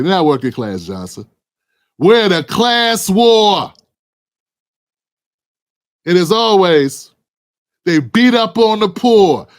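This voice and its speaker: A man giving impassioned political commentary, preaching and firing off rhetorical questions at a co-host. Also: sits high. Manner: addresses a co-host by name.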